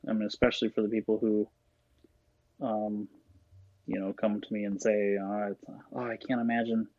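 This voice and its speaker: A man's voice: medium pitch, narrow, tinny audio. A man talking as a guest in a casual interview, rambling and laughing often. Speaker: guest, shop owner.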